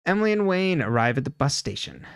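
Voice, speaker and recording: A man's voice: a little high, very animated, quick pace, vocal fry, smooth, dry recording, studio quality. A man co-hosting a podcast, rambling through a casual episode recap with lots of fillers. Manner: rambling, filler-heavy storytelling. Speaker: podcast co-host.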